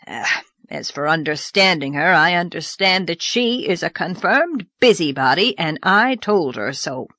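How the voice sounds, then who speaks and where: A woman's voice: lowish voice, lively intonation, a little slow, pushed and bright, no room sound, studio quality, full character voice. A woman voicing a blunt, outspoken older farmer in an audiobook, growling and grumbling. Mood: irritable. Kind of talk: audiobook character voice.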